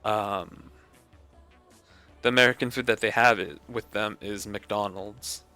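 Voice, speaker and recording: Young guy streamer rambling slow, gravelly and bright, lots of likes, faint music behind. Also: medium pitch. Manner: rambling, amused, lots of "like" and restarts. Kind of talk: casual chat.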